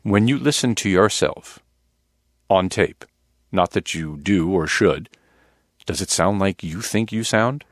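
A man's voice: deep voice, measured pace, pauses often, no room sound, studio quality. A man, a film director, telling stories in an interview in a rambling, self-mocking way with many restarts. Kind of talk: anecdotal interview talk.

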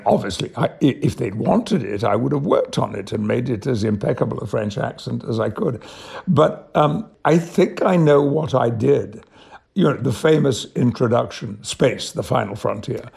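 An older man from Yorkshire, an actor telling stories in an interview in a measured, articulate way with chuckles. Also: mid-range voice, creaky, darkish tone, slightly rough. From England, Yorkshire. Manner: measured, articulate, laughs through anecdotes. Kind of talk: reflective storytelling.

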